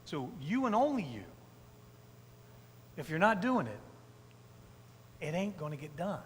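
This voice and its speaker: A man's voice: on the high side, sing-song, unhurried, a little hiss or hum. A male pastor preaching a conversational sermon, checking in with the congregation and repeating key phrases for emphasis. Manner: conversational, frequent "right?" asides to the congregation; emphatic repetitions. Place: church sanctuary. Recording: long church reverb.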